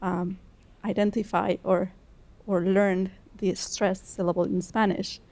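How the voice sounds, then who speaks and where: A woman's voice: mid-range voice, little pitch movement, unhurried, darkish tone. A woman in a lecture audience, a Spanish teacher, asking a long, wordy question and running herself down along the way. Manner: wordy, self-deprecating question. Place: lecture hall.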